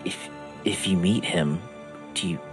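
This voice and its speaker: A man voicing a nervous male cult recruiter who leans in close and speaks low and urgently, in whispered role-play. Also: measured pace, over music. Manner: hushed, urgent, leaning in close.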